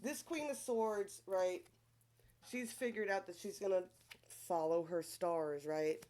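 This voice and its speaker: Speaking slowly in a lowish, dark voice, a tarot reader with a Long Island accent gives a casual reading. She's chatty and swears freely, often ending her points with a questioning "right?"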